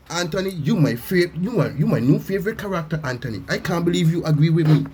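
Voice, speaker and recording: Man, reaction rant, blunt, swearing, mocking, husky, fairly high voice. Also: expressive, fast, few pauses, darkish tone. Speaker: reaction commentator. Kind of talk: profane comedic reaction rant.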